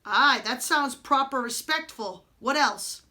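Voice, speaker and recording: Woman putting on a gruff big outlaw man. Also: high-pitched, takes it slowly, exaggerated voice. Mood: menacing. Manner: loud rough rustic speech. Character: gruff big male outlaw, boastful and menacing.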